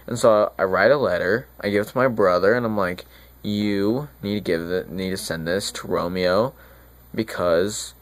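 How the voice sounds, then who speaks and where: A remorseful friar, played by a young man, recounts the whole disaster in loose modern slang for a school monologue. His voice sits a little low, and he rambles and stumbles over restarts. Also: natural voice. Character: remorseful friar retelling a tragedy casually. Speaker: student actor.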